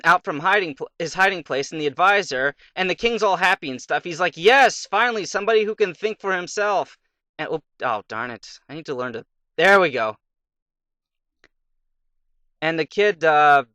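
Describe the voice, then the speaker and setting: A man's voice: fairly high pitch, lively intonation, normal speed, sharp tone, no echo. A young man casually commenting on his gameplay, rambling through a fairy tale between moves and muttering to himself. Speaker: let's play commentator.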